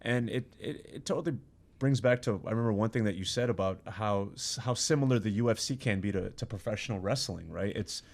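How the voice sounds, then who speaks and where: A man, a podcast guest, chatting casually in a studio and telling lively stories with frequent laughs and quick restarts. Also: on the low side, vocal fry. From Iran. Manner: animated storyteller, laughs often, quick restarts. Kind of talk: casual chat.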